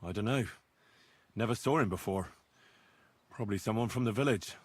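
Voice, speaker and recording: A calm young man looking into a village killing, in a video game. His voice is low and husky, his questions plain and low-key, recorded dry and close. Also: normal speed, dry recording.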